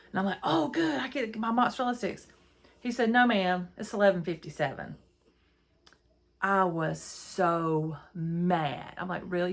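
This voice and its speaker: A middle-aged woman, hosting a podcast and telling a rambling, exasperated story into her phone. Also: lowish voice. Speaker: podcast host. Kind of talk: casual storytelling monologue.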